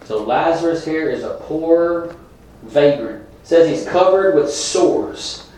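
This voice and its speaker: A man's voice: on the high side, expressive, slow pace, darkish tone. A man preaching a sermon in a plain, conversational way, talking straight to the congregation. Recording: very echoey room, from a distance.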